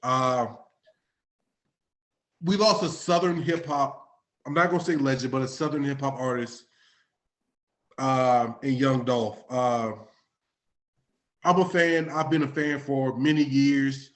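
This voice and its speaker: A man's voice: mid-range voice, fairly even intonation, takes it slowly, long pauses. A man in his late thirties from Florida, hosting a podcast in casual chat, talking loosely and profanely while a bit intoxicated. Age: late 30s. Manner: loose, profane, slightly tipsy talk. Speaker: podcast host.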